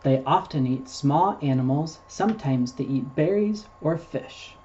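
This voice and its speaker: A man's voice: fairly high pitch, animated, unhurried, warm tone, dull audio, slight background noise. A man hosting a children's storytime, reading picture books aloud and patiently explaining words for small children. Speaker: storytime host reading to preschoolers.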